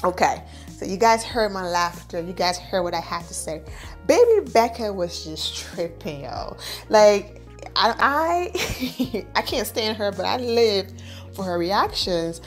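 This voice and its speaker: A woman's voice: mid-range voice, expressive, measured pace, soft background music. A woman giving a chatty, slangy commentary on a TV show, often repeating herself. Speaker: TV show reviewer. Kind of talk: casual recap commentary.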